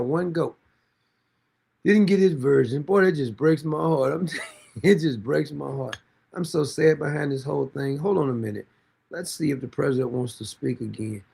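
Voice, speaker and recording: Fairly high yet gravelly, dark-toned and slightly rough, this livestream host's voice carries a rambling, mocking stream of chatter. He laughs a lot and sometimes addresses a person sitting beside him.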